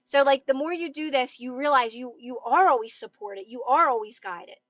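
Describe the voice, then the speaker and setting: High-voiced encouraging woman live-streaming. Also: moderate pace, a bit bright, no room sound, highs cut off. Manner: encouraging, chatty, often asks "right?". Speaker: manifestation coach streaming live. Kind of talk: casual live-stream motivational chat. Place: parked car.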